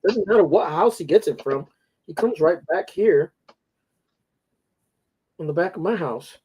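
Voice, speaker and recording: Casting: man, casual storyteller, somewhat high voice. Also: animated, a little slow, a little mellow, husky. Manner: rambling storyteller, coarse slang. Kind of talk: casual chat.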